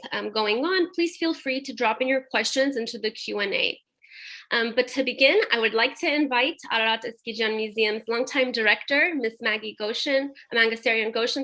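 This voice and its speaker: A woman with a fairly high voice moderates an online talk. She reads out the program and hands over to the speakers, now and then pausing on a filler. She sounds as if she is on a video call. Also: bright, forceful tone. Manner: reads an introduction, some fillers. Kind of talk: webinar introduction.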